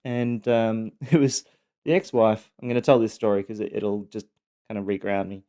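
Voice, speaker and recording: A man telling his personal story, speaking haltingly with many pauses and restarts. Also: lowish voice, fairly even intonation, mellow, smooth.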